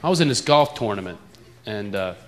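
A man's voice: fairly low pitch, animated, a little fast. A man from the eastern United States doing a stand-up routine, playfully mocking accents and stretching out words. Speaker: stand-up comedian. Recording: live club recording with loud crowd noise.

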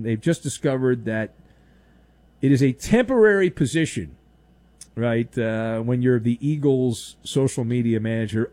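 A sports talk radio host delivers an opinionated monologue, ranting sarcastically and mocking people with exaggerated silly voices. His mid-range voice has a darkish tone and moves a little slowly, with no room sound.

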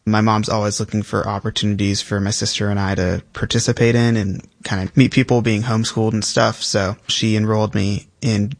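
Teen percussionist guest, lowish voice, relaxed and thoughtful, dry close recording. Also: male voice, brisk, creaky, few pauses, no echo. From South Carolina, US. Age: teens. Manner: relaxed, thoughtful, uses many fillers. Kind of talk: interview answers.

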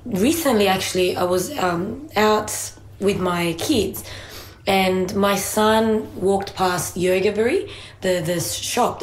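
A mother telling a story in an echoey room. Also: mid-range voice. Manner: storytelling, acts out her child and sister in quotes. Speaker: podcast co-host. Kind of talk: casual parenting chat. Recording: echoey room, faint background noise.

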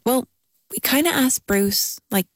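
A woman hosts and narrates a podcast that includes an interview, talking eagerly and chattily with plenty of fillers. Her high voice is expressive and measured, recorded dry at studio quality over a music bed.

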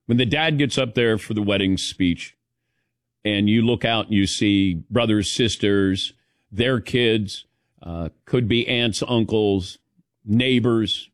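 A man's voice: fairly low pitch, takes it slowly, no room sound, studio quality. A man hosting a casual radio talk show, calling on his co-hosts and acting out quoted voices. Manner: animated, acts out quoted voices. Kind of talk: casual studio chat.

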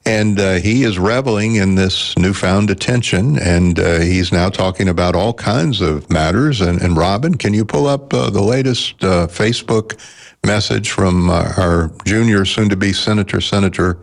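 A man hosting a public radio talk show, measured and informative. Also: low voice, gravelly.

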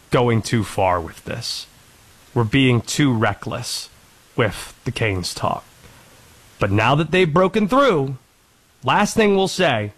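A man's voice: medium pitch, fairly bright tone. A man hosting a sports talk show, delivering emphatic, playful commentary.

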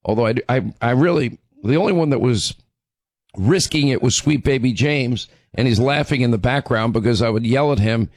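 A hoarse, middle-aged man delivers a talk radio monologue, pressing each point hard and stumbling over repeated words as he restarts his sentences. His voice sits at an ordinary pitch, and the sound is close and dry, with no room around it. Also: normal speed, a little mellow, no echo. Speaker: radio talk show host.

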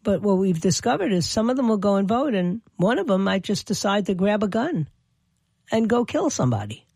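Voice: mid-range voice, sing-song, brisk, darkish tone, slightly rough, dry recording. A political commentator delivering an opinion monologue, often stammering and restarting phrases, with indignant emphasis.

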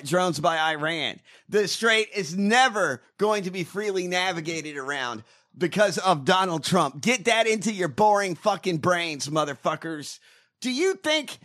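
High-pitched ranting man. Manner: profane, ranting, shouting bursts. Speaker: podcast host. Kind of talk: casual chat.

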